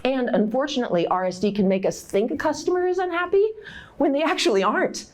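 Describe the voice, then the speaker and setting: A middle-aged woman speaks to a conference audience in a workshop talk. She is direct and encouraging and laughs easily. Her voice sits at a middle pitch but leaps upward when she acts out anxious inner voices. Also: animated, fast. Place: conference room.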